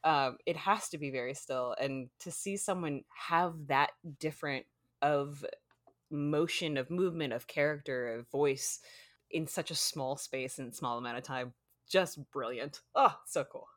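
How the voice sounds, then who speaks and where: A woman with a fairly low voice, on as a podcast guest, talking with eager enthusiasm and quick laughter. Her sound is dry and close to the microphone. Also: a bit bright, no room sound. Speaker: podcast guest, actor and improviser. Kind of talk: casual podcast discussion.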